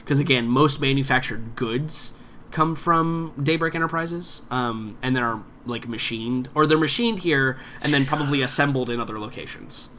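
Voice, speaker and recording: Game master, male, bright voice; loose, rambling narration full of fillers. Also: medium pitch, moderate pace. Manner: rambling, many fillers and restarts.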